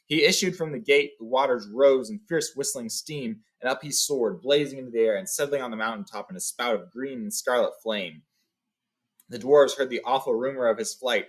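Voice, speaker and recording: A man reading a novel aloud, switching between reading and casual summaries with fillers. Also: medium pitch. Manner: reads, then sums up casually with fillers. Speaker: reader. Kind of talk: book read-along with casual summaries.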